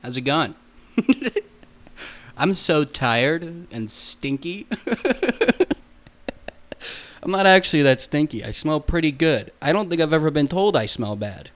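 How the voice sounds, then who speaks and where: A man's voice: fairly high pitch, lively intonation, slow pace, long pauses, fairly bright tone. A young man hosting a solo podcast alone in a room, goofy and self-mocking, rambling and swearing a lot.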